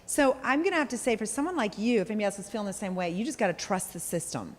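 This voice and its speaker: A woman sales coach giving a workshop talk, direct and animated, acting out examples to the group. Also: medium pitch, racing. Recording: echoey hall.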